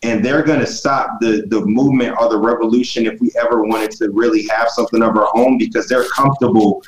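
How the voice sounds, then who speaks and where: A man's voice: medium pitch, fairly even intonation, brisk, reverberant, low-quality recording. A man from the United States, hosting a casual group discussion in long, rambling thoughts.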